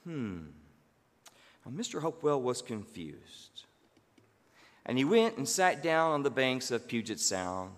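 A man preaching, telling a story in a slow, gentle manner with thoughtful pauses. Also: medium pitch, sing-song. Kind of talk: sermon storytelling. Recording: long hall reverb.

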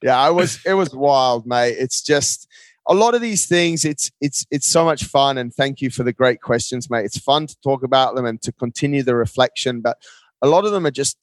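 A man's voice: mid-range voice, animated, moderate pace, dry recording. A man speaking as an interview guest, upbeat and emphatic, often calling his host mate. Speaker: guest, marathon runner. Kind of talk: casual interview talk.

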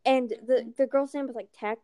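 A woman's voice: high voice, normal speed, no room sound, studio quality. A young woman telling stories in casual chat, acting out the people she quotes and swearing freely. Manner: animated, acts out quotes, swears.

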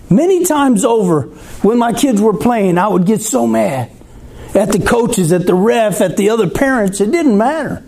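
High-voiced preacher, mellow. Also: male voice, animated, moderate pace, vocal fry, breathy edge. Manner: conversational preaching, asks the congregation questions. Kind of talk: sermon.

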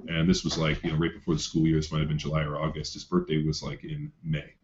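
A man's voice: rumbling low, completely flat delivery, quick pace, a little mellow. A man coaching athletes, rambling through a story in casual chat with lots of fillers and swearing. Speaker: coach telling a client story. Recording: dull lo-fi sound.

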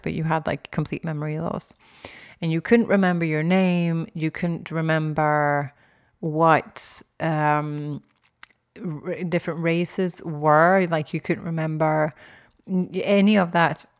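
A woman in her forties talks off the cuff in a fairly low voice. She rambles, restarts her sentences and leans on fillers. Her speech stays frank and a little sweary. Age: 40s. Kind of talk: casual chat.

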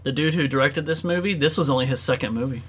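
A man's voice: mid-range voice, fast, a bit bright, slightly rough. A man hosting a casual podcast chat, laid-back and slangy, steering the talk with questions. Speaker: podcast host.

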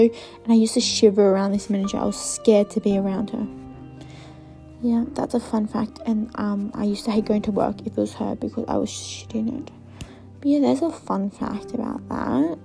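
A woman's voice: fairly high pitch, creaky, mellow. A young woman hosting her own podcast, telling a story in a rambling, casual way full of fillers, sometimes dropping to a whisper. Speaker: podcast host.

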